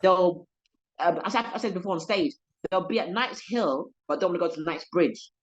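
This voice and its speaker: A young woman with a London accent, chatting as a comedian guest on a podcast. She tells stories with lots of energy and acts out the voices of the people in them. The recording sounds a bit muffled. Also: normal speed. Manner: animated storyteller, voices quoted people, lively pitch jumps. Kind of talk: casual podcast interview.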